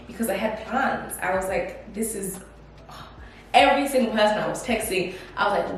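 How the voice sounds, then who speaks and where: A woman's voice: medium pitch, a little fast. A woman in her twenties chatting in a casual, reflective vlog, full of fillers and acted-out quotes. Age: 20s. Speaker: vlogger. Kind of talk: casual life-update vlog. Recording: distant mic in a very echoey room with faint noise.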